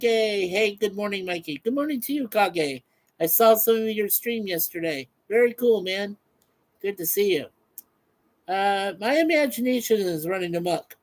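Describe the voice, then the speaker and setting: A man's voice: high-pitched, rough recording. A man hosting a casual live stream, chatting loosely with many fillers and reading out viewer comments.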